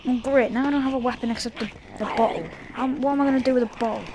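A young woman with a bright, high voice runs a jokey gameplay commentary into her mic. She chatters to herself, teases, and breaks into yelps and shrieks when things go wrong. Loud game noise rumbles underneath her the whole time. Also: steady tone, rapid-fire. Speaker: gaming streamer.

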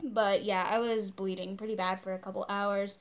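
A young woman vlogger telling a casual story with animated, sweary reenactments of what was said. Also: mid-range voice, moderate pace.

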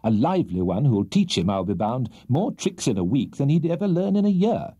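A man voicing a kindly, flustered elderly gentleman in a storybook reading, with a genial, fussy, exclaiming manner. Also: mid-range voice, big pitch swings, brisk, slightly rough, highs cut off, voice pushed up.

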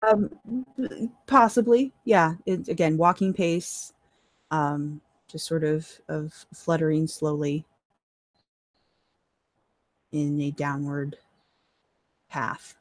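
Calm woman narrating a tabletop game. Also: deep voice, no room sound. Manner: calm, measured descriptions with frequent fillers. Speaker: dungeon master.

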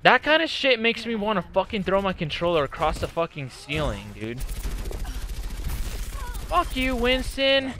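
A man's voice: sits high, lively intonation, background noise. A young man giving gameplay commentary, cursing constantly and breaking into angry, frustrated outbursts. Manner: profane, quick to rage, frustrated outbursts. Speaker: gaming channel host.

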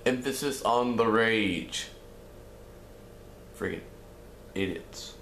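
A man's voice: on the low side, slow, fairly bright tone, a little hiss or hum. A man doing casual let's play commentary, ranting in frustration and swearing often. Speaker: gamer. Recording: roomy echo with faint game music.

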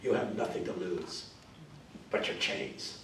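A man giving a lively, humorous classroom lecture to graduate students. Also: sits low, unhurried, background noise. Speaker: guest lecturer. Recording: roomy, distant classroom recording.

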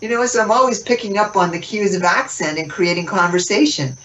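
A woman interview guest giving a spiritual teaching talk, expressive and laughing often as she acts out little dialogues. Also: medium pitch, brisk. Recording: distant mic, muffled, faint noise.

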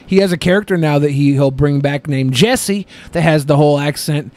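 A man's voice: fairly high pitch, brisk, a little mellow. A man co-hosting a podcast, reading listener questions and giving loose, profane, joking advice. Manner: loose, profane, laughs often. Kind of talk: crude, joking podcast banter.

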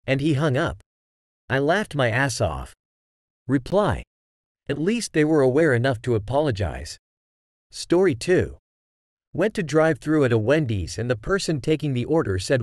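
A man reading out online stories as scripted narration, with an even read-aloud delivery. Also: medium pitch, moderate pace, no room sound, studio quality.

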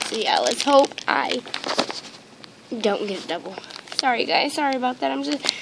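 Her voice is high-pitched and animated with some vocal fry, moving at normal speed against a noisy background. A toy unboxing vlogger, she talks casually to camera at home through a handheld mic, rambling and gushing with plenty of ums and repeated exclamations.

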